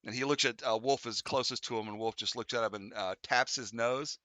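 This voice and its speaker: Bright-voiced man running a tabletop game. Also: mid-range voice, fairly even intonation, brisk, no echo. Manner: rambling, full of fillers and restarts, voices the figures lightly. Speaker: game master.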